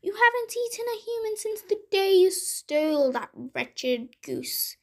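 A woman's voice: extremely high pitch, measured pace, voice pushed up, exaggerated voice. A woman doing the giant's chiding, fussy wife. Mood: calm chiding. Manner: calm and chiding, then shrieking. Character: giant's fussy, patient wife, middle-aged.

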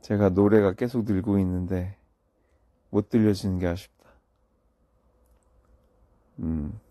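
A man's voice: steady tone, racing, warm tone, no room sound, studio quality. A sleepy young man, a singer, chatting casually on a late-night phone livestream while he reads out comments. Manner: low-key, murmured, answers comments in English and Korean.

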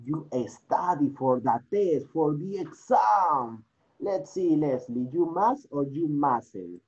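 Male English teacher, mellow voice, calls on students one by one, dull video call audio. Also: fairly high pitch, lively intonation, slow. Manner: switches between English and Spanish, coaxing and repetitive. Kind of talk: online class, calling on students.

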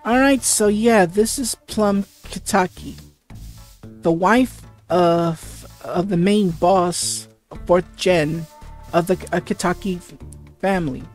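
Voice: medium pitch, slow pace. A let's play host rambles through casual commentary on a game, tripping over heavy stutters and fillers. Faint music plays underneath.

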